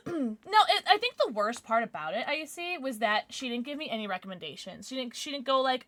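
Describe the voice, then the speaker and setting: A young woman streamer chatting casually on a livestream, rambling and halting with many restarts as she vents her frustration. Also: on the high side, lively intonation, fairly bright tone. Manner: frustrated, venting; baby-talk to her dogs.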